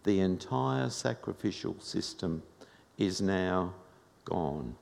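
A man's voice: sits low, animated, takes it slowly, vocal fry, a little mellow. A man preaching a sermon, earnestly asking his congregation questions. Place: church hall. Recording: echoey hall.

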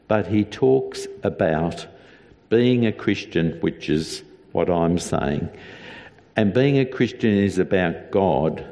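A man preaching a sermon as a pastor, earnest and deliberate, with emphatic repetition. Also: sits low, mellow, in a large hall.

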